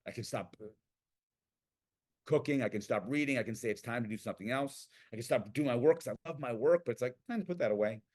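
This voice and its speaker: A man talking casually about passion, acting out the voices of the people in his stories with lively energy. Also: mid-range voice, a little fast. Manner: animated storyteller acting out quoted people. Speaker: guest speaker on passion. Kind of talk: casual talk.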